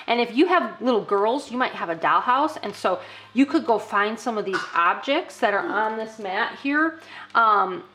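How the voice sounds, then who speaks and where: A woman's voice: a little high, animated, moderate pace, pushed and bright, slight background noise. A middle-aged woman teaching parents a toddler activity, often breaking into exaggerated sing-song child-directed talk. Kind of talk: instructional demo for parents.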